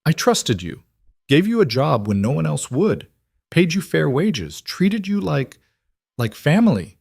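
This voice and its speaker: A man voicing a betrayed male rancher whose rough voice carries hurt beneath anger. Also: mid-range voice, animated, measured pace, a little mellow, dry recording, clean studio sound, voice pushed up.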